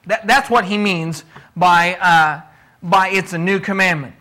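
A man delivers a sermon in a high-pitched voice, teaching conversationally and stopping often to ask his listeners questions. His tone is bright and forceful, and he leans hard on each point he wants to stress. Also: measured pace. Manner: repeats words when restarting, emphatic. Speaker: preacher.

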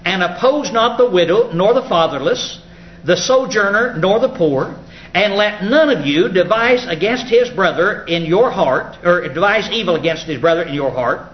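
Man, high voice, folksy preacher, halting with fillers, echoey muffled room recording. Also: lively intonation, slight background noise. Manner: folksy, explanatory, halting with many uh's. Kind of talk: Bible study sermon.

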